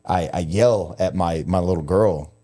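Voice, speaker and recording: Low, mellow-voiced man telling a raw story. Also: measured pace. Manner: emotional, confessional, swears freely. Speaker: podcast host. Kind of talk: candid conversational storytelling.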